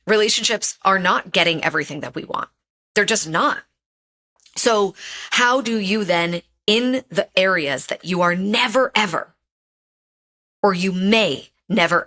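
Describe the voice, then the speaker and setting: A woman with a lowish, pushed, bright voice appears as a podcast guest in a casual interview chat. She's a relationship expert who speaks earnestly, tells personal stories, and repeats phrases for emphasis.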